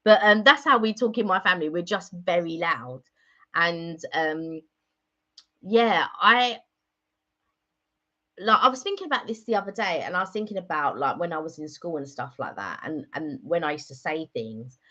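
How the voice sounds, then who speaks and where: Woman, live stream host, casual chat, lowish voice, muffled lo-fi sound. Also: lively intonation, normal speed, pushed and bright. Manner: chatty, rambling, many fillers. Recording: dull lo-fi sound.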